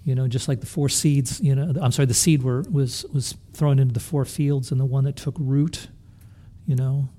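A pastor preaches earnestly in a warm, mid-range voice with a steady tone and moderate pace. He peppers the congregation with rhetorical questions, often restarting and repeating words as he thinks aloud.

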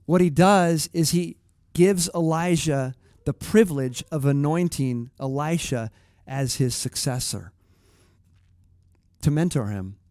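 A man's voice: fairly high pitch, darkish tone, no echo, clean studio sound. Man preaching in a conversational sermon. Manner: conversational, reflective preaching with restarts. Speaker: pastor.

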